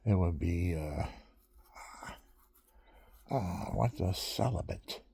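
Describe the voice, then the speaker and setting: Gravelly low-voiced man rambling. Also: slow pace, mellow, no room sound. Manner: rambling, drifting between stories, chuckling often. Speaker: monologuist recording himself. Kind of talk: rambling casual monologue.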